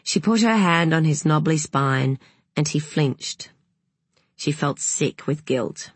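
A woman narrating an audiobook in a measured, unhurried way, with a breathy voice. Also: low-pitched, animated, no echo.

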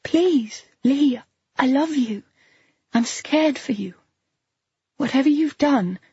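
A woman voicing a gentle, worried woman friend who speaks quietly and pleadingly in an audiobook. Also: medium pitch, unhurried, slightly rough, dry recording, dull audio. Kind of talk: audiobook character voice.

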